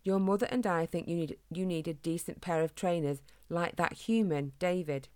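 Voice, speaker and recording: A woman's voice: lowish voice, moderate pace, dark tone, clear, resonant tone, dry recording, natural voice. Woman reading as father hedgehog, storybook dad, chatty and folksy, dry close sound. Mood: fond.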